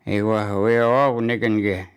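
A man giving community announcements and hockey news, speaking haltingly with many fillers and restarts. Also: lowish voice, fairly even intonation, clean tone.

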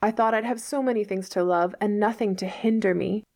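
A woman's voice: mid-range voice, fairly even intonation, a little fast, darkish tone, pitched above the performer's own voice, close to an everyday voice. A woman reading as a dramatic, wistful orphan girl. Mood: pleading. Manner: theatrical, pleading, sighing. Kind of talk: read-aloud novel dialogue.

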